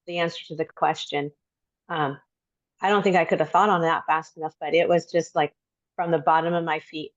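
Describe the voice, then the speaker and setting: A middle-aged woman telling a personal story as a podcast guest, reflective and halting, with many pauses. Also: low-pitched, no room sound, muffled recording.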